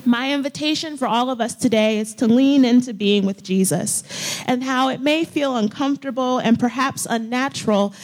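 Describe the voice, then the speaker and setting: A woman preaching to her congregation in a church hall, her voice sitting a little high. She speaks gently and without hurry, pausing often as she invites people into quiet reflection. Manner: gentle and unhurried, with pauses and invitations. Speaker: pastor. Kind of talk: sermon leading a guided scripture practice. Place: church hall with folding chairs.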